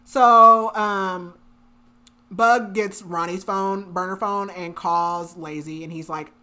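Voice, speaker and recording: A young woman co-hosting a book podcast, her voice low-pitched but bright and forward. She recaps the story in a loose, chatty way, full of "like" and quick laughs. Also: fairly even intonation. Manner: chatty, filler-heavy, laughs often. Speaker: podcast co-host. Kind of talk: casual chat, recapping a book.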